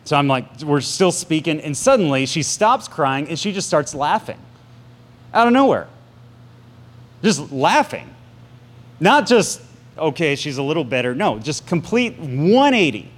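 A man's voice: fairly high pitch, unhurried. A man in his thirties preaching a casual sermon, telling stories and acting out quotes with a shifting voice. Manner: storytelling, animated, acts out quotes with shifting voice.

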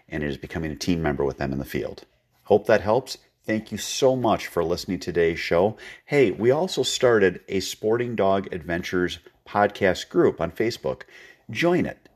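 A man hosting a podcast, giving practical, folksy dog-training tips. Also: low-pitched. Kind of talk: training tip segment.

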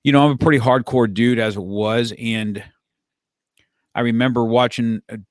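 A man's voice: mid-range voice, fairly even intonation, moderate pace, no echo, studio quality. A middle-aged man and martial arts school owner talking in casual conversation, rambling with frequent restarts and easy laughter, recorded in his office.

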